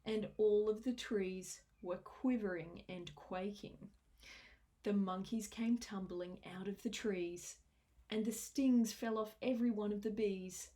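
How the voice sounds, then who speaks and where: A woman reading a rhyming picture book aloud in a lively, sing-song way. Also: medium pitch. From Australia. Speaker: storyteller.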